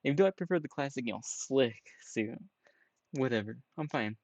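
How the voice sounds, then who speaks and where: A man's voice: medium pitch, expressive, brisk, a little mellow, no echo. A man giving casual, rambling reaction commentary on a game trailer, peppering his talk with "you know" and "right?". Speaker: trailer reviewer.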